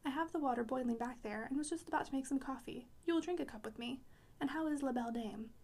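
A woman's voice: sits high, fast, darkish tone. A woman voicing an eccentric elderly French pianist who talks bluntly and teasingly, dropping French words.

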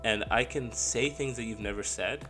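A man's voice: mid-range voice, moderate pace, over music. A young man co-hosting a podcast, talking casually, with slang, laughter and restarts. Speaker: podcast co-host. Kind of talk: casual chat.

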